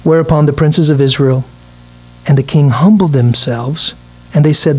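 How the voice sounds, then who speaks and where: A pastor preaches a midweek sermon. His voice sits a bit high for a man. He reads scripture aloud and slips into acted asides, with a low mains hum under it all. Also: normal speed, a little mellow.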